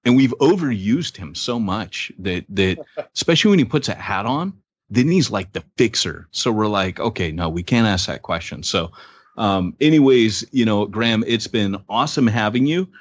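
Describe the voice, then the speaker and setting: A man hosting a podcast in a casual, jokey, animated way. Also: fairly low pitch, normal speed, dry recording, muffled recording. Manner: jokey, animated, laughs easily. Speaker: podcast host.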